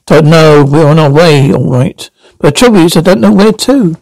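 A man's voice: fairly high pitch, animated, moderate pace, gravelly, darkish tone, no room sound, low-quality recording. A man reading the part of an eccentric older male time traveller, speaking in an urgent, coaxing way. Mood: worried.

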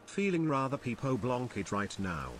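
A man's voice: mid-range voice, measured pace, soft background music. Synthetic male voice reading chat messages. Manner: flat synthetic reading, spells out usernames. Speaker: text-to-speech donation reader.

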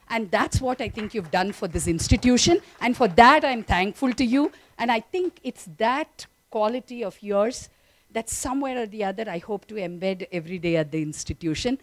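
Woman academic thanking her old dean, sincere, lots of uhs, mid-pitch voice. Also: poor audio. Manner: earnest and heartfelt, with frequent "uh" fillers. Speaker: former doctoral student, now faculty at the institution. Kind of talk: personal tribute speech. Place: honoring event at an institute.

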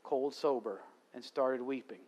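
A man's voice: mid-range voice, a little slow, a little mellow. A male pastor preaching at a live church service, telling a story and rising to fervent preaching. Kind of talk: sermon.

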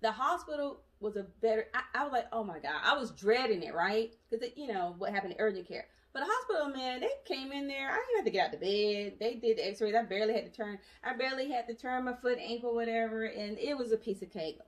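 A woman's voice: on the high side, fast talker, few pauses. Chatty woman vlogger, set back from mic. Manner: chatty, animated, with frequent asides and laughs. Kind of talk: casual storytelling vlog. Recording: voice distant from the mic.

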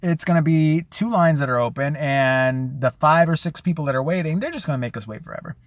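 A man live-streaming a casual rant, profane and sarcastic, who often mimics other people in a high, mocking voice. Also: brisk, no echo. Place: out and about, at a store.

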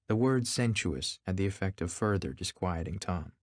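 A man reading a novel aloud in a measured, even way. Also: deep voice, dry recording, studio quality. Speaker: reader.

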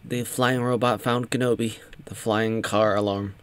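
A man's voice: fairly low pitch, little pitch movement, a little slow, smooth. A man giving casual, sarcastic commentary, rambling with many restarts. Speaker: show recap commentator.

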